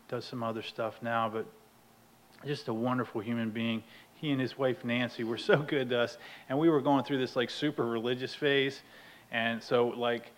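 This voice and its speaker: A man sharing a humorous personal story at a recovery meeting, animated and laughing often. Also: mid-range voice, low-quality recording. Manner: animated, laughs often, acts out his own outbursts loudly.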